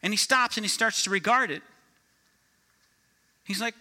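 Bright-voiced energetic man preaching. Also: high voice, moderate pace. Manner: energetic, asks the crowd for agreement. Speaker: pastor. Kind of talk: sermon.

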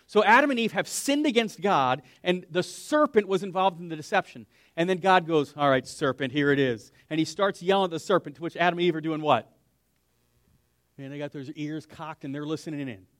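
A man's voice: fairly high pitch, fairly quick, no echo, clean studio sound. A man, a pastor, teaching a conversational Bible lesson, asking his listeners questions and dropping to a whisper for emphasis. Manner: lively, asks the room questions, drops to a whisper for emphasis.

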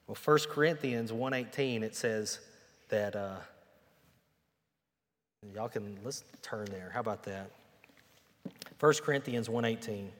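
A man preaching a sermon, moving from plain conversational talk to loud, emphatic peaks. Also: on the low side, a little slow, long pauses. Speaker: pastor. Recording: long reverb of a hall.

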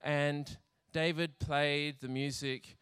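A man's voice: a little high, level tone, slow, fairly bright tone, clear, resonant tone, no echo, clean studio sound. A man giving a sermon in a chatty, humorous storytelling way, laughing often and acting out little scenes. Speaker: preacher.

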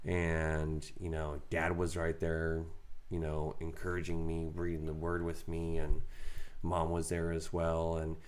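A man's voice: rumbling low, measured pace, smooth. A man co-hosting a faith podcast, telling a candid, self-deprecating personal story in casual conversation. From raised in a Mennonite Brethren community. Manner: candid, self-deprecating, animated when quoting others. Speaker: podcast co-host.

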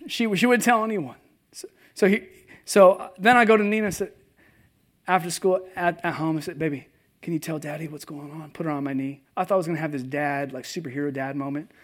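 A man preaching a sermon, telling a personal story with humor and animated swings between hushed and loud delivery. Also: fairly high pitch, a little fast. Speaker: pastor. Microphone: presentation with slides, live audience.

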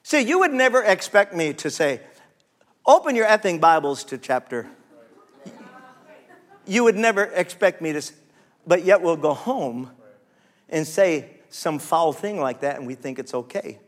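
A man's voice: fairly high pitch, expressive, moderate pace. A man preaching a sermon as pastor, reading scripture aloud and calling on the congregation for amens.

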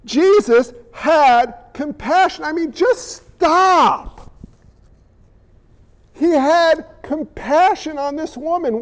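A man preaching a sermon as a pastor, animated, with quick asides to the congregation. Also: very high voice.

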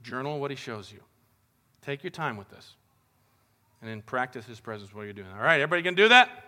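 A man's voice: mid-range voice, lively intonation, fast, pushed and bright. A man preaching as a pastor, in a casual, conversational and upbeat way, talking to the congregation as guys. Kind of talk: casual sermon.

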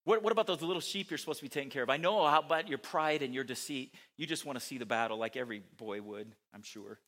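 A man's voice: medium pitch, fast talker, fairly bright tone, big-room sound, close to an everyday voice. A man voicing a resentful older brother who scolds his younger sibling, with a scornful tone.

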